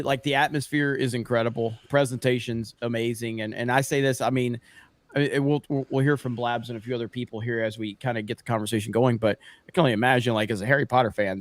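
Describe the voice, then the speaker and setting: A man hosting a casual online panel chat, laughing often and swearing as he gets excited. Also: medium pitch, dry recording. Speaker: show host.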